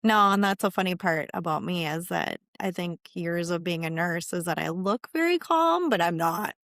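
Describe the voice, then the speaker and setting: A woman's voice: lowish voice, lively intonation, normal speed, a bit bright, no room sound, clean studio sound. A woman who is a nurse, speaking as a podcast guest and telling stories casually, with laughs and acted-out reactions. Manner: chatty, laughs and acts out her own reactions. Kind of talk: casual storytelling in an interview.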